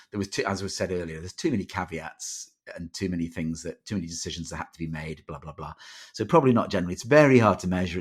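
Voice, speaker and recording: A middle-aged man co-hosting a podcast in casual chat, brisk and chatty, trailing off with filler sounds. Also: sits low, breathy edge. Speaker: podcast co-host.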